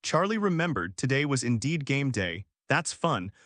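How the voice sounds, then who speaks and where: A man's voice: medium pitch, very animated, moderate pace, fairly bright tone, dry recording. Man narrating a story in a dry, close voice. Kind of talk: audiobook narration of fan fiction.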